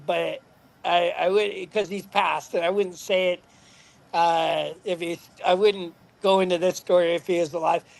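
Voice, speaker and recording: A man's voice: high voice, creaky. A middle-aged man, a former motorcycle racer, telling rambling stories on a podcast, swearing freely and laughing at his own tales. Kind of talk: casual storytelling.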